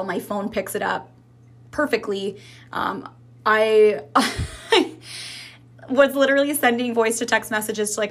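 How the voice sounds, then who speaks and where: A young woman talks through her own podcast in a loose, rambling way. She swears freely and leans on fillers. A slight lisp softens her speech. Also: medium pitch. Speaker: podcast host. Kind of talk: casual solo podcast chat.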